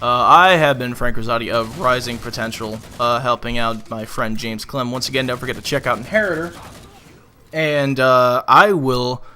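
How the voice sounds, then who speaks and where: A man's voice: mid-range voice, normal speed, sharp tone, a little hiss or hum. A man, a voice actor, talking casually in a vlog commentary, rambling with lots of fillers and frank complaints.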